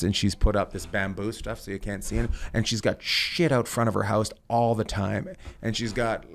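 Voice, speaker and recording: A man's voice: lowish voice, vocal fry. A middle-aged man hosting a casual comedic chat, telling rambling stories and swearing freely. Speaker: podcast host.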